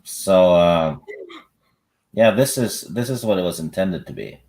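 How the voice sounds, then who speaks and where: A man's voice: low-pitched, animated, a little slow, a little mellow. A man co-hosting a casual live-stream chat, blunt and dry, hesitating with many fillers. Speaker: podcast co-host.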